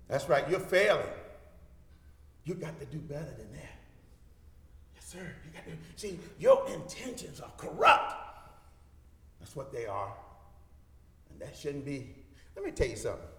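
A man preaches in a high voice, his lines swinging from loud and emphatic to quiet. His words ring out in a big church hall with a long, echoing tail. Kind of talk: sermon. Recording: echoey hall reverb.

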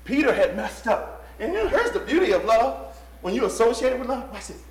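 High bright preacher guy, whispers then shouts, echoey church sound. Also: sing-song, a little fast, a crowd in the background. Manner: swings from hushed to shouting, sings a hymn. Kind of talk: sermon.

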